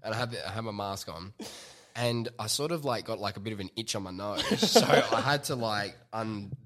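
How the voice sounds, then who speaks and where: An Australian man co-hosting a podcast, telling stories in casual chat, acting out quotes loudly and laughing often. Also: on the low side, normal speed. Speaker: podcast co-host.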